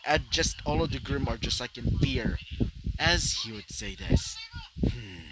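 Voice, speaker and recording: A young man narrates his fan fiction story off the cuff, full of fillers and side rants. His voice is fairly high and swoops a lot. Loud noise hisses behind him. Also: wildly swooping pitch, a little slow. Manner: rambling, many fillers and asides.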